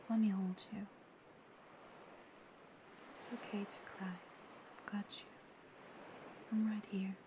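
A woman voicing a playful, caring young female friend in an audio role-play, teasing and soft-spoken. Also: medium pitch, slight background noise, close to an everyday voice. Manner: teasing, then soft and soothing.

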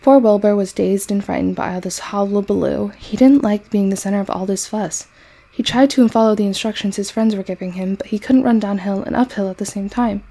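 A woman reading a children's novel aloud in an expressive storybook manner. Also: mid-range voice, a little fast.

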